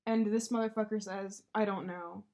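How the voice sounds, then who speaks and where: A woman's voice: mid-range voice, normal speed. Swearing woman telling a breakup story. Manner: animated storytelling, swears freely, acts out quotes. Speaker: podcast co-host. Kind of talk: casual chat.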